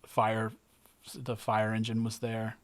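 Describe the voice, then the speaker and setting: A man's voice: on the low side, monotone, slow. A man, a guest artist, telling a vivid story in casual present tense, with some swearing and frequent restarts.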